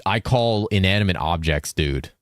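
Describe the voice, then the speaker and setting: A man's voice: low-pitched, animated, moderate pace, no echo, clean studio sound. A man from California streaming a game, chatting casually with viewers, reading chat aloud, swearing and saying dude all the time. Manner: laid-back, swears often, says dude constantly, reads chat aloud.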